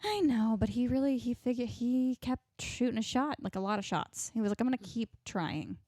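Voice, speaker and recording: A woman with a fairly high voice co-hosts a podcast, recapping a TV episode in casual chat. She's animated, acting out characters' lines in quick asides, and the studio recording is clean with no echo.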